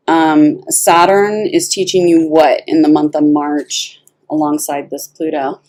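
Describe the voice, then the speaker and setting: Tarot reader, woman: laid-back pace, low register, animated and foul-mouthed. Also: a little slow, hardly any pauses. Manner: animated, blunt and profane, laughs often. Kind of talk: casual tarot reading.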